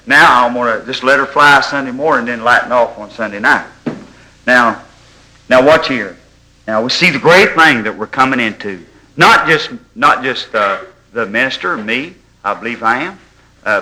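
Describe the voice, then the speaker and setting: Preacher guy, real bright voice, goes from folksy stories to loud preaching. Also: a little high, poor audio. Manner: folksy storytelling, rising to loud exhortation. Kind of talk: sermon.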